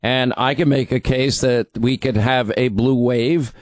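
A man hosting a radio talk show, hoarse from talking too much, rambling and restarting his sentences. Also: mid-range voice, steady tone, unhurried, no echo. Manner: rambling, self-interrupting, stammers on restarts. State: hoarse, strained voice from overuse. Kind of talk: casual talk radio monologue.

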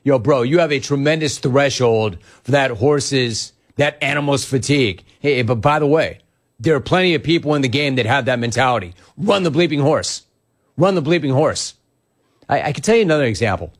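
A man's voice: mid-range voice, fairly quick. A man hosting a sports talk show, telling stories emphatically and riffing on listener comments.

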